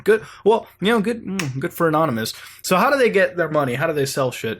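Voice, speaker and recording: A man's voice: on the high side, very animated, fast, few pauses. A man hosting casual, rambling commentary while browsing websites, swearing freely. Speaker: host.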